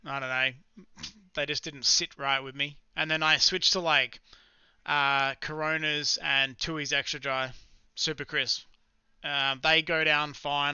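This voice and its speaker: An Australian man with a sharp, bright, crisp voice chats loosely on a live stream, rambling and joking in slangy talk. The sound is dry and close, with slightly dull, lo-fi streaming audio. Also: a little high, dry recording. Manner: chatty, rambling, laughs often, slangy. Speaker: livestream trading host. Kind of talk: casual live-stream chat.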